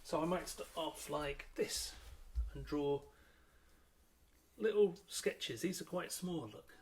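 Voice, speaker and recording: A middle-aged man with a slightly husky, middle-pitched voice talks young children through a drawing lesson. He explains as he sketches, friendly and unhurried, dropping in plenty of ums along the way. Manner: chatty and unhurried, with frequent ums. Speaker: children's author and illustrator leading a drawing workshop.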